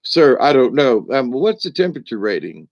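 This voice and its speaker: A man's voice: mid-range voice, sing-song, normal speed, a little mellow, no echo. A man voicing a polite male household robot butler who speaks with formal servant courtesy. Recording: dull lo-fi.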